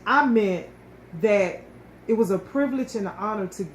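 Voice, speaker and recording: A woman's voice: medium pitch, moderate pace. A woman telling a personal story in a casual, emotional way, often restarting and repeating words. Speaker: co-host sharing her story. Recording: echoey room with faint ambient noise.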